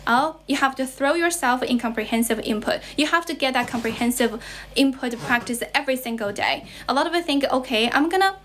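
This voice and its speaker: A woman's voice: sits high, fairly quick, a bit bright. A young woman with a Chinese accent teaching English on a livestream, explaining with lots of repetition and switching between English and Mandarin. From China.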